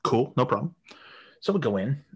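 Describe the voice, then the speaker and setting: A man telling a crude story in a casual podcast chat, swearing heavily and laughing while acting out quotes in an animated way. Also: mid-range voice, normal speed, husky.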